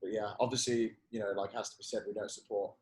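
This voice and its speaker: A man's voice: lowish voice, level tone, quick pace, poor audio. A man who is a guest on a podcast, explaining things loosely with lots of fillers in a casual chat.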